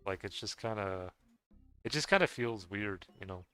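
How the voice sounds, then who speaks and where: Rambling low-voiced man, bright and clear. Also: expressive, faint music behind. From United States. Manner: rambling and halting, with many restarts and soft chuckles. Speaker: gaming streamer. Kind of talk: casual chat while playing a game.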